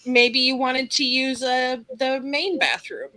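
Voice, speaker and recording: A woman's voice: sits high, flat delivery, slow, pushed and bright, rough recording. A woman game master narrating a tabletop role-playing session in an easygoing, encouraging way.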